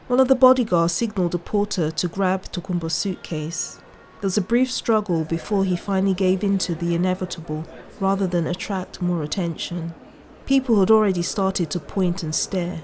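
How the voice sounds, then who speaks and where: A woman narrating a short story in an even, measured manner. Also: fairly low pitch, a little hiss or hum. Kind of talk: reading a short story aloud.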